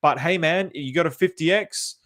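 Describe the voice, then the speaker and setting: A man's voice: fairly high pitch, moderate pace, a bit bright. An Australian man chatting casually on a livestream, thinking aloud with lots of fillers and restarts as he reacts to viewer comments. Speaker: crypto chart commentator.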